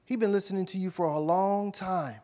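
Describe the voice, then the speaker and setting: A male pastor preaching in a high, ringing voice. He punches questions at the congregation and then drops to quiet, intimate asides. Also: fairly quick. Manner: emphatic preaching, rising to loud questions, dropping to soft asides. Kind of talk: sermon.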